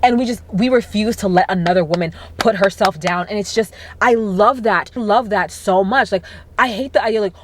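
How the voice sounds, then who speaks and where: A young woman vlogging casually to camera, gushing and animated, with lots of fillers and exclamations. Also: medium pitch, a little fast. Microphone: camera mic.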